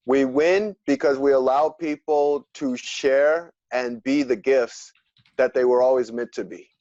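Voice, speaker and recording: A man speaks as a podcast guest in an earnest, reflective way. His mid-pitched voice comes through dry and dull, with lo-fi audio. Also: darkish tone, no echo. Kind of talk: casual interview chat.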